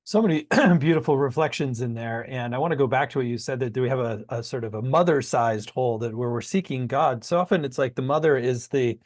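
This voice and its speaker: A male host with an ordinary pitch speaks in a gentle, searching way, restarting his phrases as he shapes a question. His voice sits close and dry, with no room sound around it. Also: brisk, few pauses, no room sound. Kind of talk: interview conversation.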